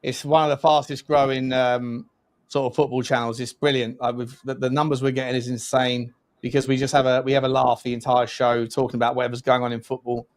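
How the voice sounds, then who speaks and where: A man's voice: medium pitch, little pitch movement, a little fast. A young man co-hosting a live football watch-along, chatting casually and often laughing. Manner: chatty, lots of fillers and restarts, laughs often. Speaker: co-host.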